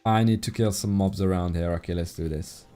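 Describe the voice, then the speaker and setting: A man with a non-native English accent streams a game, his voice warm and mellow. He chats in a relaxed, easy way and reads out and thanks his viewers in chat. Soft game music plays faintly behind him. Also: sits low, fairly quick, clear, resonant tone. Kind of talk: casual live-stream commentary while playing.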